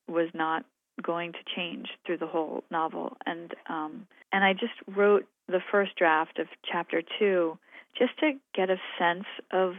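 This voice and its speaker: A woman novelist with a fairly low voice talks about her writing in a thoughtful, hesitant way and reads aloud from her own novel. The sound comes through a phone-like radio line with no room sound.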